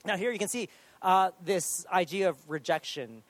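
Animated, higher-voiced man preaching. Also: normal speed, no room sound. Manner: animated, self-deprecating storytelling with sudden loud acted outbursts. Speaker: pastor. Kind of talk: sermon with personal story.

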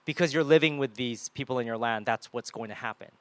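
A man preaching a sermon in a lively way, often acting out the people and voices he quotes. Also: medium pitch, fast, no echo. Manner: animated, acts out quoted voices.

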